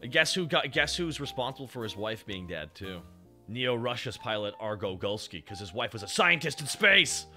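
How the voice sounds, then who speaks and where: Excitable guy from canada, really bright sharp voice, cusses a lot, bit of music under him. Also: medium pitch, normal speed. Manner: excitable, swearing, laughing, mock-dramatic asides. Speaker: podcast co-host. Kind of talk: casual chat reacting to an anime.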